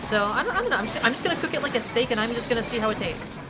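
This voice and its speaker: A woman's voice: on the high side, lively intonation, rapid-fire, very noisy. Chatty young woman streamer, swearing. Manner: rambling and profane, heavy use of "like". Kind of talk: casual chat while gaming. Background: game music.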